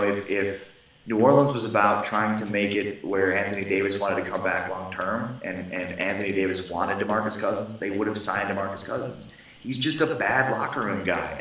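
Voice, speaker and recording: A man guesting on a casual sports chat, giving measured, dry opinions and listing players. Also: on the low side, fairly bright tone, a little hiss or hum. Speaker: guest commentator. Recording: very echoey room far from the mic.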